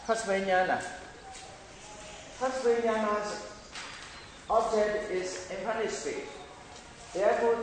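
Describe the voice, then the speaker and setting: A man giving a Buddhist meditation lecture, explaining slowly and repeating points in non-native English phrasing. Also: high voice. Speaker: meditation teacher. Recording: echoey hall with long reverb, faint noise.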